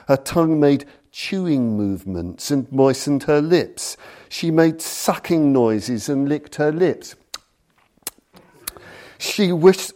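A man lecturing on Buddhism, telling a story slowly and deliberately and reading passages aloud. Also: mid-range voice, a little mellow.

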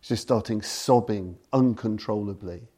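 A man lecturing on Buddhism, telling a story slowly and deliberately and reading passages aloud. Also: lowish voice, mellow, husky.

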